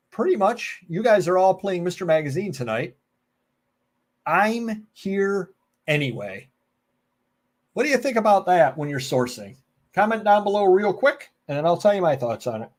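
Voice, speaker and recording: An American man hosting a live stream alone, chatting casually, joking, going off on tangents and answering viewer comments. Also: a little high. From United States. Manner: rambling, joking, goes off on tangents. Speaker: live show host.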